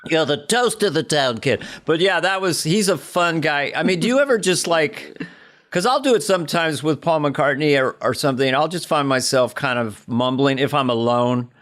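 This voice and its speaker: Co-host dude, higher voice, breezy little anecdotes. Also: male voice, animated, moderate pace, fairly bright tone. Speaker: podcast co-host. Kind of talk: casual chat.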